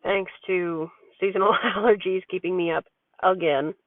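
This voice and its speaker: Speaking with fairly even intonation in a voice on the low side, a woman parent vlogger gives a frank, rambling, chatty monologue about being a parent. Her pace is moderate. The recording sounds tinny and phone-like, dry with no echo.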